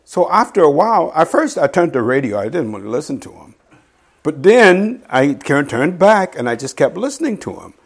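A middle-aged man preaching a sermon in a conversational teaching style, reading scripture slowly and asking his listeners "right?". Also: a little high, very animated, vocal fry, breathy edge. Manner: quotes scripture slowly and deliberately. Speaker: pastor.

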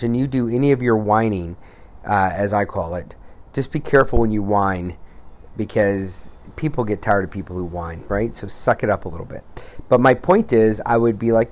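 A man with a somewhat low voice hosts a motivational weight-loss podcast. He speaks bluntly and with tough love, swearing casually as he pushes the listener. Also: moderate pace, darkish tone. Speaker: podcast host.

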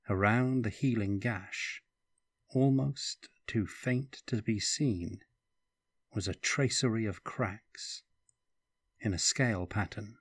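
A male storyteller reads a fantasy novel in a deliberate, unhurried pace. His voice sits low and is recorded dry and close. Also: breathy edge, no room sound. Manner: slow, even reading. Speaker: audiobook narrator. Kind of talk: scripted narration.

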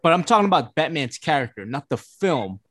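A young man hosting a podcast, talking in an animated, profane, opinionated way in casual chat. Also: on the high side, fairly quick. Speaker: podcast host.

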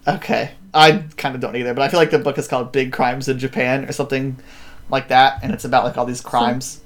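A man chatting through a story recap in a loose, rambling way. He fills gaps with "like" and "um" and jumps into characters' lines. His voice sits at an ordinary middle pitch. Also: flat delivery, brisk. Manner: rambling, many fillers, acts out quotes. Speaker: podcast host. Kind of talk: casual recap chat.

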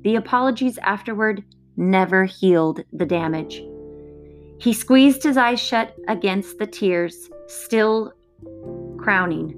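A woman reading a novel aloud, steady and measured in her delivery. Her pitch is middling, and soft music plays underneath. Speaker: reader.

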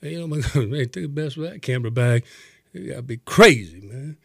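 Man putting on a drunk belligerent guy, high and loud, drawling, dry sound. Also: animated, a little fast, gravelly, no echo. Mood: drunk, scoffing. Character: drunk belligerent man, slurring, loose-limbed.

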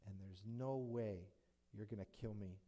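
A man voicing an arrogant giant warrior in a sermon retelling, speaking low and quiet with scorn. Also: a little slow, close to an everyday voice. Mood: scornful.

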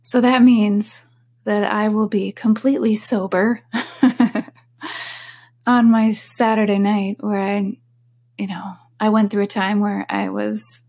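A woman hosting a casual solo podcast, talking candidly and sometimes dropping into a soft whisper. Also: mid-range voice, creaky, slightly rough. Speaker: podcast host.

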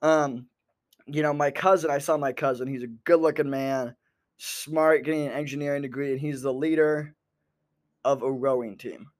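A man's voice: a little high, steady tone, normal speed. A young man rambling into a microphone in a sardonic stand-up style, full of fillers. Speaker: comedian podcaster. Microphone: talking into a microphone.

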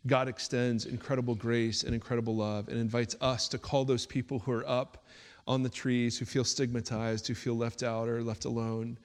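A man's voice: mid-range voice, level tone, normal speed. A man preaching as pastor, in a rambling style with many fillers that rises into a rhythmic preaching cadence. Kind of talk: sermon. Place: church hall. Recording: echoey hall reverb.

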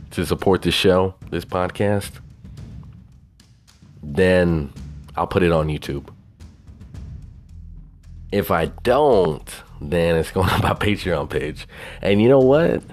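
Very deep-voiced profane podcast host. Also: male voice. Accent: Southern US. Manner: profane, boastful, rambling. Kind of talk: casual solo podcast talk.

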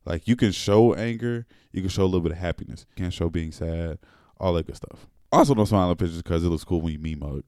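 Host, young man, very low dark voice, blunt, laughs a lot, dry close sound. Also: quick pace, smooth, no room sound. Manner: laughs often, blunt and profane. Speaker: podcast host. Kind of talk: casual chat.

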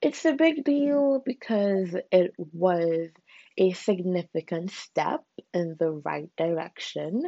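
A young adult woman from the British Caribbean hosts a casual solo podcast in a fairly low voice with vocal fry. She's chatty, laughs at herself, and swings her emphasis lively; the recording is dry with the highs cut off.

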